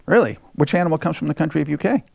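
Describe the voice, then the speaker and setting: A man's voice: a little high, racing, creaky, darkish tone, no room sound. A man hosting a show, patiently asking a child encouraging questions and repeating back the answers. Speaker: show host interviewing a child. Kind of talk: friendly interview chat.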